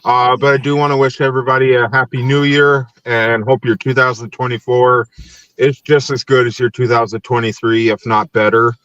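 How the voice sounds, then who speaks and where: A man's voice: medium pitch, flat delivery, normal speed, fairly bright tone, dry recording, highs cut off. A young adult man from Tennessee hosting a podcast in casual chat, easygoing, laughing often and using many fillers. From Nashville, Tennessee. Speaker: podcast host.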